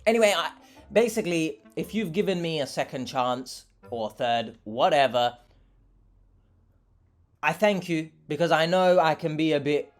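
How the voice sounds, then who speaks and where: A young male vlogger chats casually and sarcastically while eating, rambling and talking with his mouth full. His voice is a little high with lively intonation and a slightly slow pace. Soft music plays in the background.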